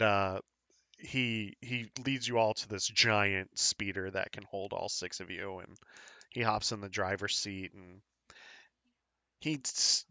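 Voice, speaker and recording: A man's voice: on the low side, sharp tone, no echo. A man narrating a tabletop game as game master, loose, with lots of fillers and laughs.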